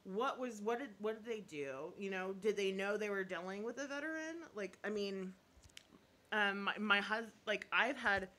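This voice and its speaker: Blunt, animated woman chatting live. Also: mid-range voice. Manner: blunt and opinionated, laughs often, apologizes half-jokingly. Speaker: YouTuber. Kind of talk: casual live chat reading viewer comments.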